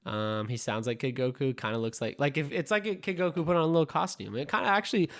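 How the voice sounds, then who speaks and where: A man's voice: medium pitch, fast talker. Casual male podcast co-host. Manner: animated retelling with quoted voices.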